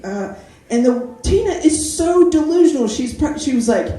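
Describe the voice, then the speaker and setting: A stand-up comedian performing an open-mic set in a club, animated and quick to slip into character voices and sung jingles. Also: medium pitch. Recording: echoey room, mic from a distance.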